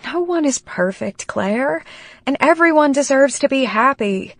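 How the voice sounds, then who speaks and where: A woman doing a soft-spoken gentle friend. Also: high voice, animated, measured pace, no echo, clean studio sound, voice pushed up. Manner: soft, hushed.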